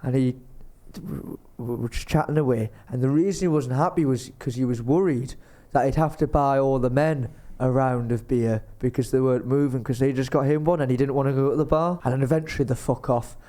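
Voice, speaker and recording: A man's voice: mid-range voice, fairly quick, few pauses, dark tone. A young man on a comedy podcast, rambling through a travel anecdote and acting out the people he met. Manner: rambling anecdotes, acts out other people's lines. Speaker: podcast co-host telling a travel story. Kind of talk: casual comedic storytelling.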